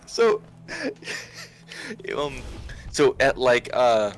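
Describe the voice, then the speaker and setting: A man's voice: medium pitch, wildly swooping pitch, very slow, slight background noise. A young man in his twenties telling a funny story while playing a game, laughing often and stumbling over restarts and fillers. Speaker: game commentary co-host. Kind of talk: casual storytelling over gameplay. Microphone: remote call with screen share.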